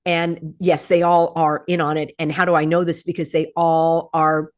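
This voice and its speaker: Host: American woman, lowish voice, snarky and animated with viewers. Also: normal speed. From United States. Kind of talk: livestream monologue.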